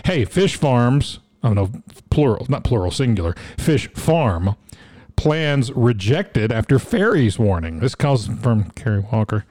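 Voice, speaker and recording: A man's voice: mid-range voice, very animated, measured pace, darkish tone, dry recording. A man co-hosting a casual comedy talk show, reading odd news stories aloud and joking about them. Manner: joking, reads headlines aloud, stumbles over odd names.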